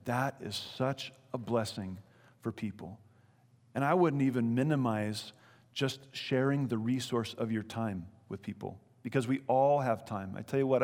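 A man preaching with a middle-pitched voice, earnest and conversational. He leans on rhetorical questions as he preaches a sermon. His voice rings with long reverb, as in a church hall. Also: a little mellow. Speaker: pastor.

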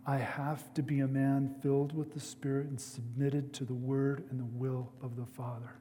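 Guy preaching in a church, dark mellow voice, big hall echo, faint hum behind. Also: mid-range voice, level tone, moderate pace. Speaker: pastor. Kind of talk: sermon.

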